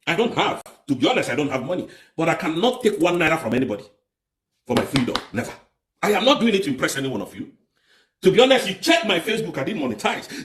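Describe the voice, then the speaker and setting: A man's voice: on the high side, a bit bright, roomy sound. A man with a Nigerian accent giving an impassioned political livestream, fiery and repetitive, firing off rhetorical questions. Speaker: livestream commentator.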